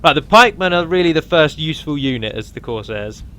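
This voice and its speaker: Bright-voiced man talking through a game. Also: on the high side, animated, fast, a little hiss or hum. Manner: rambling, with frequent ums and restarts. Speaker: game mod presenter. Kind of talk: casual game walkthrough commentary.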